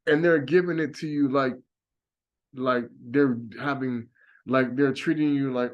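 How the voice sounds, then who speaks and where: Emphatic, fairly high-voiced man preaching. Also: steady tone, unhurried, dull audio. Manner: emphatic, preachy, repeating warnings. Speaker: religious speaker. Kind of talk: impassioned religious monologue.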